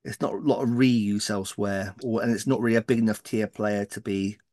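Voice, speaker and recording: A man's voice: on the low side, steady tone, a little fast, darkish tone, no echo, studio quality. A middle-aged man co-hosting a podcast in casual, joking chat, often trailing off and restarting. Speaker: podcast co-host.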